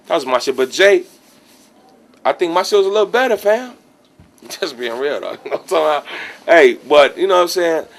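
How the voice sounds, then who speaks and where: A man with a Chicago accent telling a story in a casual interview, acting out what others said. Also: on the high side. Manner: animated, acts out quotes of others. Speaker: rapper telling his story.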